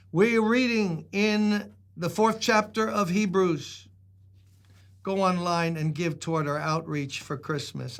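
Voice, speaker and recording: A man's voice: fairly high pitch, creaky. An older man with a New York accent preaching a sermon, joking casually with the congregation before reading scripture with rising emphasis. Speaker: pastor.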